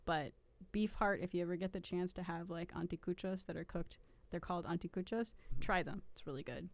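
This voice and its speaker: A woman's voice: fairly low pitch, a little fast, no echo. A woman co-hosting a podcast, explaining things casually and with enthusiasm. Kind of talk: casual chat.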